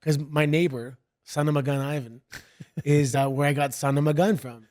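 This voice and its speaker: A middle-aged man from Canada, a guest chatting casually and telling rambling stories in a relaxed way. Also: fairly high pitch, normal speed. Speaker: guest, wrestler. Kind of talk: casual interview chat.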